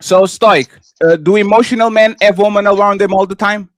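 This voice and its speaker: A man's voice: high-pitched, fairly even intonation, brisk, no echo, clean studio sound. A man with non-native English, co-hosting a live panel and arguing hard, cutting in again and again. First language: not English. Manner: combative, repeats "sir" and "stop being emotional" to cut in. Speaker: co-host. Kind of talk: heated live panel argument.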